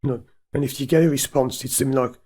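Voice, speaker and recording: Blunt driving instructor, mellow voice. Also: male voice, mid-range voice, steady tone, racing. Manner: blunt, emphatic, lecturing. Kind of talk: advice talk to camera.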